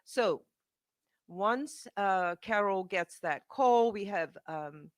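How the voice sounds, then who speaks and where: A woman's voice: medium pitch, animated, slow, no echo, studio quality. A woman with a Bermudian accent, a charity's executive director, speaking off the cuff at a press conference. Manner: unscripted, fillers and restarts.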